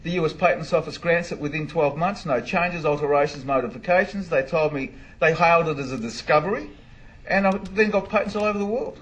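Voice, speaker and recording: A man, a barrister and inventor, telling an animated story in an interview, acting out the dialogue and laughing often. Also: fairly high pitch, a little fast, lo-fi sound.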